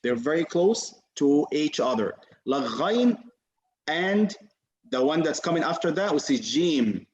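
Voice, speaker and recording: Patient male teacher, slightly high voice, muffled video call sound. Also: big pitch swings, unhurried. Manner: patient, encouraging, demonstrates sounds. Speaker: Quran recitation teacher. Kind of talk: online class teaching.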